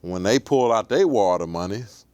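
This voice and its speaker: Low-voiced man telling his life story. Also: lively intonation, a little mellow, clear, resonant tone, dry recording. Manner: reflective, measured storytelling. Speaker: interview guest. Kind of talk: storytelling in an interview.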